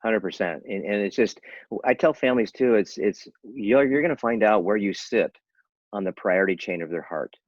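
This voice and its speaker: A man's voice: lowish voice, expressive, normal speed, no echo, muffled recording. A man in his sixties, an interventionist guest, speaking in an earnest, persuasive way with frequent restarts over a video call. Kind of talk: casual interview talk.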